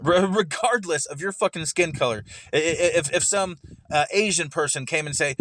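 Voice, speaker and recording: Against slight background noise, a streamer with a fairly high, somewhat bright voice speaks fairly quickly. He reacts to a recorded argument with heated, profanity-laden commentary, often stammering and repeating words.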